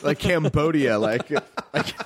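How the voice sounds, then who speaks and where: A man's voice: on the high side, slow pace. A man talking as a podcast guest in casual comedic chat, rambling and self-deprecating with lots of fillers.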